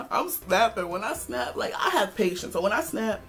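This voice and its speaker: A woman vlogger telling a story to the camera in a sassy, animated way, acting out the quotes. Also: medium pitch, moderate pace. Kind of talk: casual storytime vlog.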